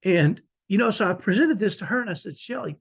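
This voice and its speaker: Husky, heartfelt middle-aged man. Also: high voice, animated, fast. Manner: heartfelt, confessional, many restarts. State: emotional, near tears. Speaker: vlogger, autism parent. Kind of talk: earnest personal vlog.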